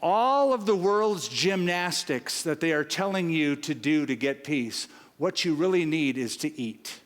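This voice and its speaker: A man's voice: fairly high pitch, lively intonation, measured pace, big-room sound. A male pastor preaching a sermon, telling a funny story and acting out its characters. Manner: storytelling, voices the characters in a joke.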